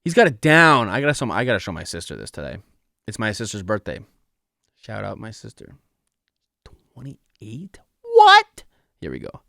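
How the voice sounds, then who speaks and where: A young man hosting a casual podcast, loose and excitable, swearing freely and laughing often. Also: fairly low pitch, fast talker, creaky, dry recording, clean studio sound. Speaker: podcast host. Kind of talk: casual solo podcast chat.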